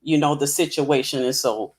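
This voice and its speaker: A woman co-hosting a live chat show in a relaxed, slangy way, laughing often. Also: very deep voice, normal speed. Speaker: co-host.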